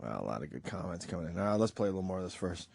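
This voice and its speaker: Lively radio host taking callers. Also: male voice, low voice, rapid-fire, vocal fry, husky, dry recording. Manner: lively, moves the show along, takes callers. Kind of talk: radio talk show banter.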